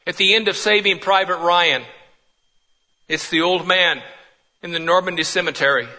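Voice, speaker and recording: A male preacher delivering a sermon in a high, very bright voice. He preaches with passion, building to urgent pleading and then dropping to hushed, near-whispered lines. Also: moderate pace.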